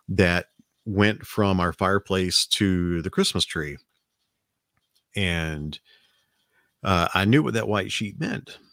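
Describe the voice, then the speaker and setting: A man's voice: sits low, fairly bright tone, no echo, studio quality. A man from the American South with a Southern accent, telling a rambling family story in casual chat, with frequent restarts. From Alabama, US South.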